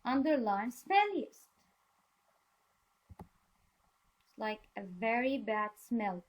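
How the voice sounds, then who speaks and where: Slow patient teacher lady, higher voice, keeps saying very good and explaining words. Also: big pitch swings. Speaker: English teacher. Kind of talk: reading a story aloud for a class.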